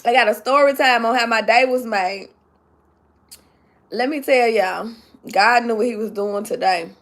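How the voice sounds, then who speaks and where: A woman with a slightly high voice tells a story on a casual live stream, close to tears as she goes. She talks straight to her chat and circles back over the same points again and again. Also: measured pace. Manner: emotional, talks to the chat directly, repeats herself. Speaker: livestream host telling a story.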